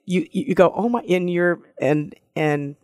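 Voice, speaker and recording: A middle-aged woman hosting a casual interview, asking gentle questions in an encouraging tone with spiritual phrasing. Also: fairly low pitch, steady tone, measured pace, smooth, dry recording, clean studio sound. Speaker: podcast host.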